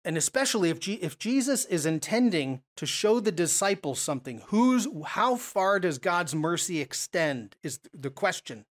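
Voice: medium pitch, very animated, moderate pace, hardly any pauses. Conversational preacher full of rhetorical questions. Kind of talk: sermon, Bible teaching.

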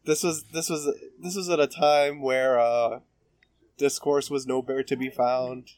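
A man's voice: mid-range voice, steady tone, measured pace, darkish tone, no echo. A man co-hosting a casual podcast with sarcastic, crude quips. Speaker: podcast co-host.

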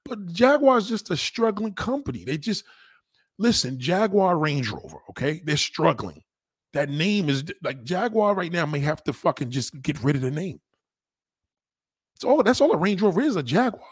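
A man livestreaming mocks a viewer's comment, ranting heatedly and profanely while repeating himself for emphasis. Animated, his pitch shoots up when he's indignant. He talks at normal speed with a breathy edge, and the studio recording is clean and echo-free.

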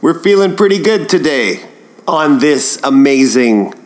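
A man plays an excitable male podcast host, opening his show with eager, rambling cheer. The voice sits fairly high and drawls slowly through the greeting, the way a comedy impression would. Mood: upbeat.

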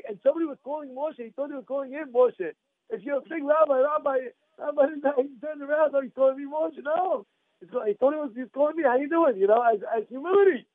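A man giving a storytelling sermon as a rabbi, animated and repetitive, acting out voices in his stories. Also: very high voice, no room sound. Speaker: rabbi giving a Torah class. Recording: dry, phone-like narrow sound.

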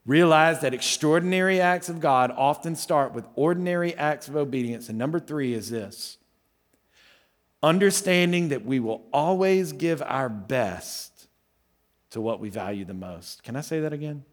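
A man preaching to his congregation at an evening service, his voice sitting a little on the high side. He talks to the room casually, full of rhetorical questions. He pushes loud on the big points and drops low and quiet for the asides. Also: lively intonation, normal speed, long reverb tail. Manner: swings between loud emphatic lines and quiet low asides. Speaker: lead pastor. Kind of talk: sermon. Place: church service before a congregation.

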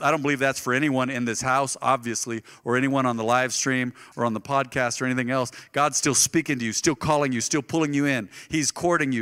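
A middle-aged man preaching a sermon to his congregation, telling stories animatedly and moving between loud bursts and soft, quiet asides. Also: medium pitch. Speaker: pastor. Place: church sanctuary. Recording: live church sound with long reverb.

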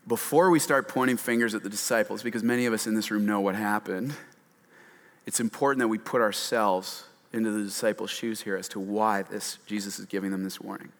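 A male pastor preaching a sermon, animated and often acting out quotes in a raised voice. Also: lowish voice. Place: church hall with slides on a screen. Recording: long hall reverb.

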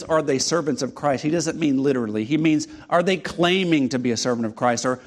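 A man preaching a sermon with a slightly higher than usual voice. He drives his points home with repetition and rhetorical questions, building each point steadily. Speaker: pastor.

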